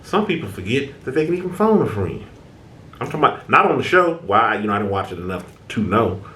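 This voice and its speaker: A man's voice: mid-range voice, big pitch swings, brisk, fairly bright tone. A man hosting a casual motivational talk, speaking to his viewers and acting out their inner thoughts, with frequent repeated words. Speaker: self-help video host. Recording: echoey room.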